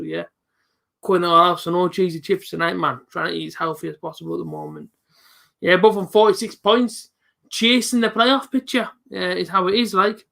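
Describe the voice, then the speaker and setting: A young man hosting a live football reaction stream, chatting casually with viewers and breaking into excited shouts at big moments. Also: high-pitched, vocal fry. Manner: chatty, jumps to excited shouting at goals, reads out viewer comments.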